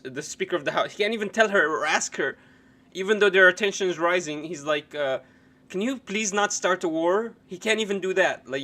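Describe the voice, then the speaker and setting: A man with a notably high voice hosts a live stream, reacting to a clip. His rant is loud, sarcastic and profane, and his tone keeps turning mocking.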